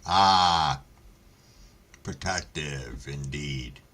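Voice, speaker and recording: A man's voice: extremely low pitch, extremely slow, bright, forceful tone, slight background noise. A man hosting a casual live stream, telling stories in a laid-back way with lots of swearing and greeting viewers by name. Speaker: livestream host reading chat.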